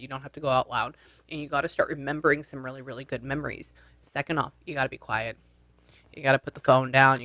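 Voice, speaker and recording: Blunt, bright-voiced man coaching over a call. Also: medium pitch, no room sound. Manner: blunt, casual, coaching step by step; swears freely. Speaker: spiritual medium. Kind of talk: one-on-one session over video call. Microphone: video call.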